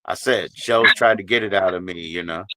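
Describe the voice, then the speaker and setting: A man with a low voice hosts a live stream call, swearing freely while he reassures a guest. His tone is bright and forceful. The mic is close and dry, with no room sound. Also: fairly quick, dry recording. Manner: blunt, profane, consoling. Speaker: livestream host. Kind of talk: casual live stream chat.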